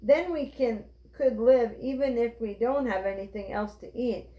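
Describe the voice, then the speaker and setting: A woman reading aloud, voicing a cheerful, capable girl who speaks with bright enthusiasm. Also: on the high side, unhurried, lightly acted. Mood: enthusiastic. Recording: roomy, dull lo-fi.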